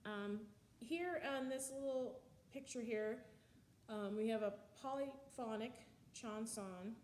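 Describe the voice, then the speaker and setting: A woman's voice: fairly high pitch, takes it slowly, darkish tone, echoey room, a little hiss or hum. A woman teaching music history in a slide lecture, explaining with frequent ums and counting out the beats.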